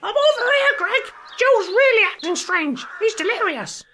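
A woman playing a bossy, high-voiced captain. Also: sing-song, heavy background noise. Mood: commanding. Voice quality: brisk, commanding. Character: bossy female ship captain. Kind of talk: amateur audio drama acting.

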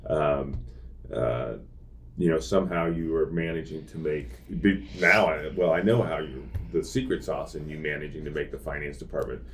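A man's voice: fairly even intonation, moderate pace, slight background noise. A middle-aged man co-hosting a podcast, chatting casually and joking around with his guest. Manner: jokey, playful, puts on a deep radio voice. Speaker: podcast co-host. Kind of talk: casual chat.

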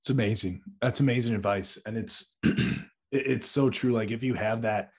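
A man's voice: medium pitch, moderate pace, husky. A young man hosting a podcast, chatting enthusiastically with many "likes". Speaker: podcast host. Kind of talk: casual interview chat.

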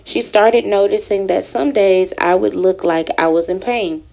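A woman in her thirties, from Houston, Texas, reading aloud from her own written story and adding personal comments, soft and halting with many ums. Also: medium pitch, steady tone, gravelly, muffled recording. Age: 30s. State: emotional, near tears.

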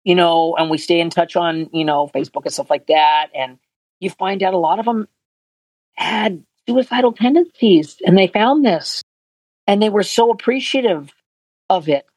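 A voice actor appears as a guest in a casual interview chat, talking earnestly and rambling with many restarts. His voice sits high at a moderate pace, in a low-quality recording with no room sound.

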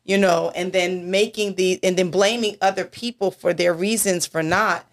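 Preachy woman minister, slightly low voice. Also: steady tone, moderate pace, hardly any pauses. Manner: preachy, emphatic, asks rhetorical questions. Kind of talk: church talk discussion.

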